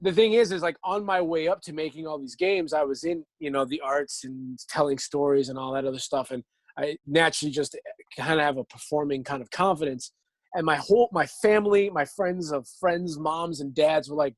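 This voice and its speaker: A man's voice: fairly high pitch, fairly quick, no echo. A young man, an actor, telling long stories in a casual interview, acting out what people said and laughing often. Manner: animated, acts out quotes, laughs often.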